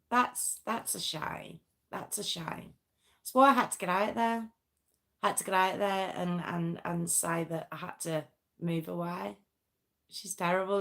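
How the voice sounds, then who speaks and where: A woman hosts a true crime live stream, reading comments and chatting casually and self-mockingly with viewers while nursing a sore arm. Her voice is on the low side, bright and forceful.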